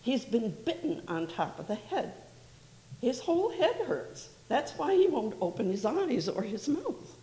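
A woman reading aloud as a calm, kind woman veterinarian explaining a diagnosis. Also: a little high, unhurried, echoey room, pitched above the performer's own voice, low-quality recording.

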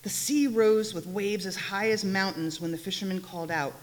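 A woman reading a folk tale aloud during a church service, expressive and with wry asides. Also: mid-range voice, normal speed. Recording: echoey hall, faint hiss.

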